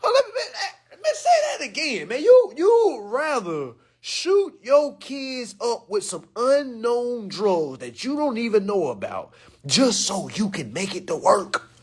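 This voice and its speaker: A man ranting to camera in an animated, joking way, loud and slangy, calling out to his viewers. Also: high-pitched, slow pace, husky.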